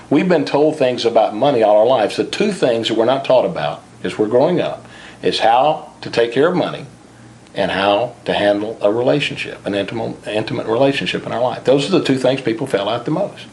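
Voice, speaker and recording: A man's voice: mid-range voice, expressive, a little fast, darkish tone, slight background noise. A man being interviewed as the author of a finance book, talking earnestly and sometimes repeating a word as he starts a thought. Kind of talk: interview about personal finance.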